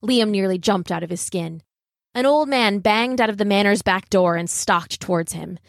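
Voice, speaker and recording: A woman reads a children's story in a measured, gently expressive way, at a middle pitch. The recording is dry and close-miked, with no room sound around the voice. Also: gravelly, dry recording. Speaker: narrator. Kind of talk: audiobook narration.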